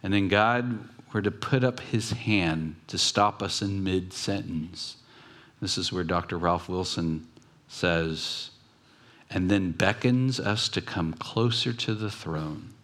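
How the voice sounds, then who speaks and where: A pastor giving a conversational sermon, telling stories with pauses and restarts. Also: male voice, low voice, fairly bright tone.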